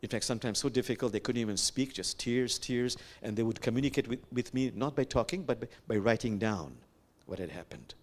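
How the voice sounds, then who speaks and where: A man preaching as an imam, gentle and reflective, who slows to stress each quoted verse and speaks straight to the congregation. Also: medium pitch. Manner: reflective, quotes sacred verses slowly and with emphasis; gentle, addresses the congregation directly. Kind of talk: sermon. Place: sanctuary.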